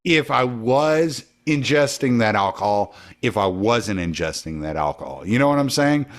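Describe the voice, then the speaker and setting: A man with a mid-range voice talks loosely in a casual podcast chat, a few drinks in. He gets animated and swears freely while thinking out loud. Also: mid-range voice, moderate pace. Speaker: podcast guest or host. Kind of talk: casual conversation.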